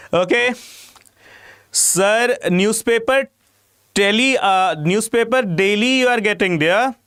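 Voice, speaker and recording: A man's voice: high-pitched, takes it slowly, a bit bright, smooth, no echo, studio quality. A man with an Indian English accent teaching a live online exam-prep class, emphatic and constantly checking in with "okay" and "you know". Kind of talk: live-streamed class talk to students.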